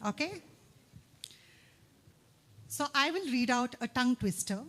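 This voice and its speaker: A woman emceeing a campus event, upbeat and coaxing, rattling off tongue twisters quickly. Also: high-pitched, animated, a bit bright. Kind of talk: lively stage hosting.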